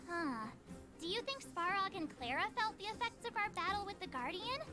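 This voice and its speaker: A bubbly, very high young adventurer. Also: female voice, brisk, music in the background. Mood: chatty. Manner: lively, chatty. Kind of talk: video game dialogue.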